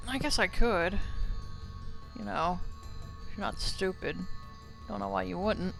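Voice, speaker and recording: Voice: medium pitch, a little slow, creaky, long pauses, a bit bright, soft background music. A streamer giving casual gameplay commentary, rambling, swearing and mocking themselves.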